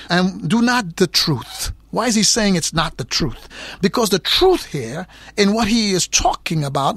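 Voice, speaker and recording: A man's voice: sits high, vocal fry, a bit bright, no echo. A man preaching a sermon, teaching from Scripture with emphatic repetition. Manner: emphatic Bible teaching, repeats words for effect.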